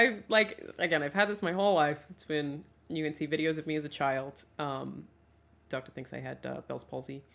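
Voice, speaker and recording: Chatty young woman streaming, lowish voice. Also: vocal fry, fairly bright tone. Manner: chatty, laughs often, swears casually. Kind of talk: casual livestream chat.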